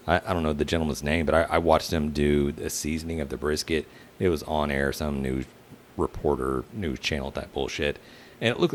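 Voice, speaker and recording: A Texan man with a very deep voice co-hosts a barbecue podcast. He rambles in a laid-back way and swears casually as he goes. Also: slight background noise. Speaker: podcast co-host. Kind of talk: casual chat.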